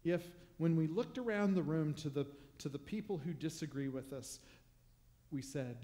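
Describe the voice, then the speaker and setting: Brief: man preaching in a church, slightly high voice, humorous and conversational, rhetorical questions. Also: moderate pace, dark tone. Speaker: pastor. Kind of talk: sermon. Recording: long reverb of a large hall.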